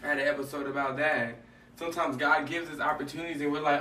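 A man talks about faith in casual conversation, his voice bright and forceful as he acts out stories with lively energy. He sits a little away from the mic, and the room around him is noticeably echoey, with a faint hiss of noise underneath. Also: on the high side, fast, recorded from a distance. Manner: animated storytelling, acts out dialogue.

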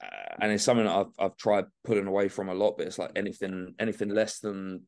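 A young Englishman chats easily on a podcast, his very deep voice sitting low the whole way through. He talks in a relaxed, loose way, peppering his talk with swearing and calling people mate. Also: fast. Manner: laid-back, swears freely, says mate and man. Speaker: bodybuilding guest. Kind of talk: casual podcast chat.

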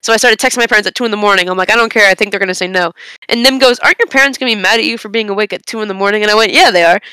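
Bright, crisp young woman telling a story. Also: mid-range voice, racing, no echo. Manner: rambling, animated storytelling with laughs. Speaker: podcast co-host. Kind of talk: casual storytelling chat.

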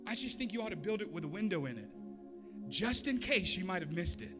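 Storytelling pastor over background music. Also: male voice, sits high, fairly quick. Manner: storytelling with lively voiced quotes and humor. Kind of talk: sermon.

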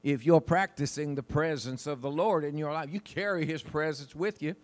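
Holding a wireless mic in the church sanctuary, a pastor delivers his sermon in a conversational, folksy manner with frequent laughter. His voice is a little high and his pace moderate.

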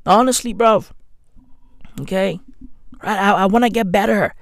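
Slow, slangy man ranting. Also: high voice, vocal fry, dry recording, clean studio sound. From London. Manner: slangy, sardonic rant with mock apologies. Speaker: comedian and podcaster. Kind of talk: profane comedic monologue. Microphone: new studio microphone.

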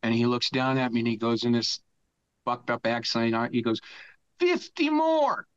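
A man in his sixties tells a long story as a podcast guest. He talks in an animated, profane way and shouts out the lines he quotes. His voice sits at a middle pitch, and the recording is a little dull and lo-fi. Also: moderate pace, clear, resonant tone. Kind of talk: casual storytelling interview.

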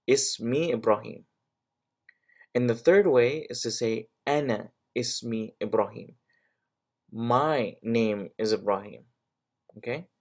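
A man hosting a podcast, giving a casual language lesson and repeating phrases slowly to explain them. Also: mid-range voice. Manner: slow repetition of phrases, explanatory. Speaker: Arabic teacher and podcast host. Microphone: podcast mic.

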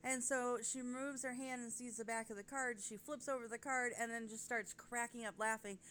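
A woman hosting a chatty podcast, her voice slightly high. She rambles, giggles, and keeps interrupting herself to get back on track. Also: steady tone, normal speed, fairly bright tone, slight background noise. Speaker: podcast host. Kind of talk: casual chat.

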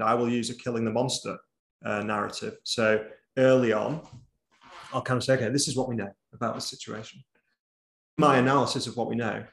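A man presenting over a video call in a relaxed, conversational way, letting his volume rise and fall and his tempo speed up or slow right down. His voice has a gravelly edge, and the sound bounces around a roomy space. He sits at a middle pitch. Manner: conversational, varies volume and tempo, drops to near whisper at times. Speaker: presenter giving a talk. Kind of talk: online presentation talk. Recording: roomy echo.

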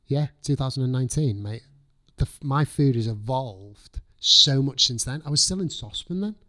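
A man's voice: medium pitch, lively intonation, moderate pace, sharp tone. A man, a chef chatting as a guest, telling his story casually, swearing freely and acting out his own past thoughts. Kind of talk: casual podcast chat.

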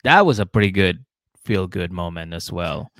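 A man with a low, gravelly voice recaps a reality show for his podcast, loose and rambling. The sound is close and dry, with no room around it. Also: expressive, moderate pace, fairly bright tone, no room sound. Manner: laid-back, rambling, acts out quotes in mocking voices. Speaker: podcast co-host.

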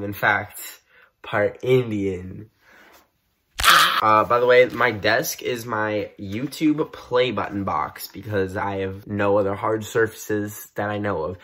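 A man in his twenties talking to camera in a casual, playful vlog, mocking himself and jumping between loud outbursts and mumbled asides. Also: medium pitch. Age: 20s. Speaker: YouTuber. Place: room with bookcases.

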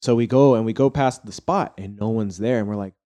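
A man telling a story in casual chat, profane and animated, acting out the people he quotes. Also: on the low side, fairly quick.

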